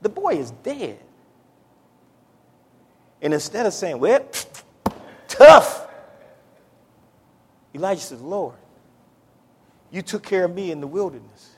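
A man preaching a sermon in a church, building from low, drawn-out talk to shouted, pleading prayer. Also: sing-song, breathy edge. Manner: Southern-style preaching cadence, says y'all. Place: church sanctuary. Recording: echoey church hall.

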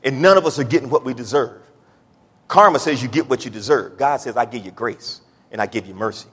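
A man preaching a sermon in a church, building from low, drawn-out talk to shouted, pleading prayer. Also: slightly rough. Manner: Southern-style preaching cadence, says y'all. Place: church sanctuary. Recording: echoey church hall.

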